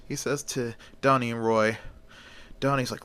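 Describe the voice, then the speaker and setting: A man's voice: medium pitch, steady tone, measured pace, bright, forceful tone, clean tone. Folksy male storyteller. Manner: folksy, often opens with "well". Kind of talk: casual amateur storytelling.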